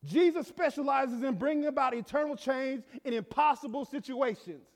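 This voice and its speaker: A man's voice: extremely high pitch, moderate pace, big-room sound. A male pastor preaching a sermon emphatically, often stammering and restarting his phrases.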